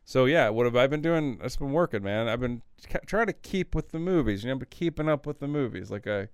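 A man's voice: medium pitch, lively intonation, fast, clean tone, no echo, studio quality. A man in his forties co-hosting a podcast, chatting casually and joking around with his co-host. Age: 40s. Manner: joking, playful, repeats gags. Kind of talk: casual chat.

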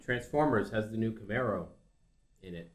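A man's voice: lowish voice, lively intonation, normal speed, echoey room. A man co-hosting a podcast in casual chat, making dry, sarcastic quips. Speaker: podcast co-host.

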